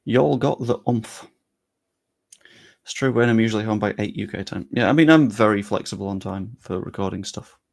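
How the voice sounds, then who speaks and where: A man's voice: on the low side, normal speed, creaky. A young man chatting casually and loosely on a live stream, talking straight to his chat with the odd swear.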